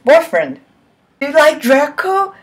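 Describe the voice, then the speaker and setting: A woman reading the lines of an excitable goth schoolgirl friend. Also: sits high, a little slow, voice pushed up. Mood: excited. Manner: excited and nosy.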